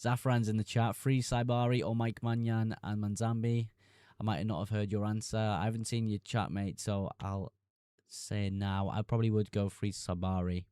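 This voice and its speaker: A man's voice: on the low side, level tone, normal speed, mellow, clean tone, dry recording, studio quality. A young man streaming live, reading chat messages aloud and answering them casually.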